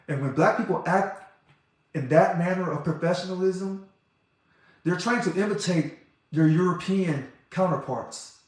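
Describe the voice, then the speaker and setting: A man speaking as an organization president in an impassioned monologue, talking fast and loud when he gets excited. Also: fairly high pitch. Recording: very echoey room.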